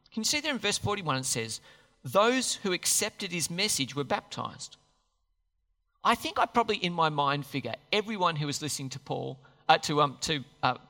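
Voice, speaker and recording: A man preaching a sermon, animated, putting questions to his listeners as he works through a Bible passage. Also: sits high, big-room sound. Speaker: pastor.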